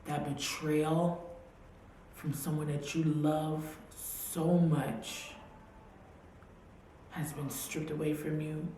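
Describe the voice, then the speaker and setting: A low-voiced woman tells her personal story slowly, circling back over her phrases and at times sinking to a near-whisper. Her voice rings through a very echoey room, with a faint hiss underneath. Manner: emotional, repeats phrases, drops to a hushed near-whisper. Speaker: vlogger. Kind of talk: personal testimony.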